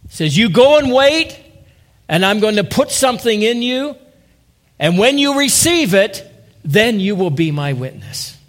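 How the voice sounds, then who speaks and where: A man with a fairly high voice preaches to his congregation. He is earnest and builds into impassioned appeals, calling out to listeners by name. His voice lifts higher as the urgency grows. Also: big pitch swings, unhurried, a bit bright. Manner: addresses listeners as saints and by name. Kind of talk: sermon.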